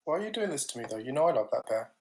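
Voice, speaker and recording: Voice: mid-range voice, sing-song, rapid-fire, a little mellow, slight background noise. Playful player in an echoey room. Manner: playful, repeating lines insistently. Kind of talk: tabletop game play.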